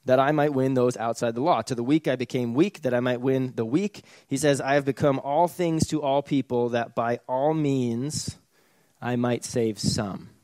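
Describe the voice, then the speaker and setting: A man's voice: mid-range voice, steady tone, moderate pace, mellow, no echo. Casual, conversational male preacher. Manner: conversational preaching, sarcastic asides, chuckles. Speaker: pastor. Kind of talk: sermon.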